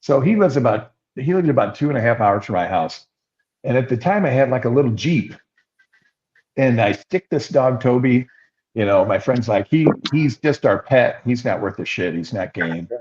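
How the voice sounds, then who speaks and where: A man's voice: medium pitch, animated, normal speed, a little mellow. An older man, a podcast co-host, telling rambling anecdotes in casual chat and acting out the quotes. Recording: slightly dull lo-fi sound.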